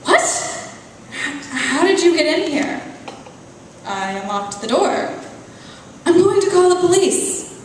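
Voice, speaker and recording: A woman reading aloud voices a startled, panicky young woman, raising her voice into high, frantic questions. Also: slow pace, darkish tone, a little hiss or hum. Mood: panicked. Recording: echoey hall, voice far from mic.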